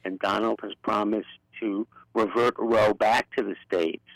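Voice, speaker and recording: A man's voice: fairly low pitch, steady tone, measured pace, gravelly, no room sound, rough recording. An older man with a Brooklyn accent, speaking as an impassioned guest in a radio interview. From Brooklyn, New York. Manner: outspoken and impassioned. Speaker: guest, political activist.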